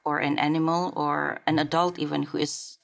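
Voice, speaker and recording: A woman's voice: low-pitched, little pitch movement, moderate pace, gravelly. A woman hosting a podcast, talking in a thoughtful, reflective way with plenty of fillers. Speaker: podcast host. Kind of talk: casual conversation.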